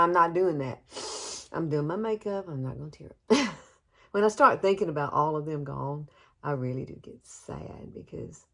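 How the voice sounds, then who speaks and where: A woman's voice: sits low, gravelly. A woman, chatting her way through a casual makeup tutorial with homey, rambling asides. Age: 50s. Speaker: beauty vlogger.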